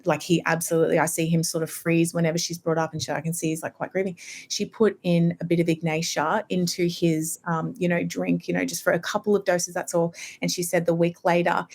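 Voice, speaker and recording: Podcast guest, woman, low voice, rambling anecdotal delivery. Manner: animated storytelling, many fillers like "you know". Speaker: homeopath guest. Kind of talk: casual podcast conversation.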